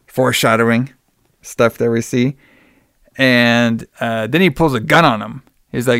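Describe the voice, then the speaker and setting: Male podcast host, smooth clear voice, dry close sound, loose chatty plot recap. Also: mid-range voice, normal speed, fairly bright tone, no echo. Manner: loose retelling, acts out quotes in plain voice, calls cohost brother. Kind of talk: casual movie recap chat.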